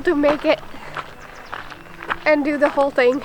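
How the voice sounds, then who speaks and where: A woman's voice: high voice, little pitch movement, a little slow, long pauses, noisy background. A woman filming a casual vlog outdoors on a steep forest trail, out of breath and chatty, poking fun at herself. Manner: breathless, chatty, self-deprecating. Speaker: vlogger.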